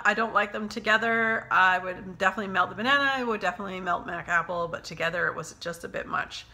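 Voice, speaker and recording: A woman's voice: mid-range voice, bright, forceful tone. A woman from Canada chatting casually to camera at home, reviewing wax melts in a rambling, chatty way. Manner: chatty, rambling, with fillers and quick asides.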